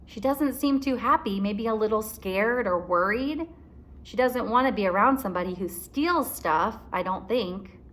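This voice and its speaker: A woman teacher reading a story aloud to children, explaining it slowly and expressively. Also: mid-range voice, expressive, a bit bright.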